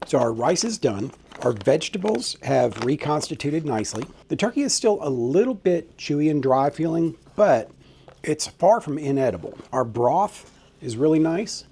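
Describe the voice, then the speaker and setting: A man's voice: a little high, very animated, moderate pace, mellow, a little hiss or hum. A middle-aged man, casually taste-testing and chatting in a cooking vlog. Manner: folksy, enthusiastic taste-testing. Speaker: cooking vlogger. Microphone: handheld camera mic.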